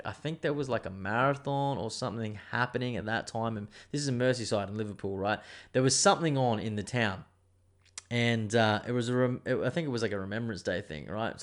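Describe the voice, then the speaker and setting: Lowish-voiced guy ranting on his podcast, swears a lot, rambly. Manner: swearing, rambling, animated storytelling. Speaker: podcast host. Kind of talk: casual solo podcast rant.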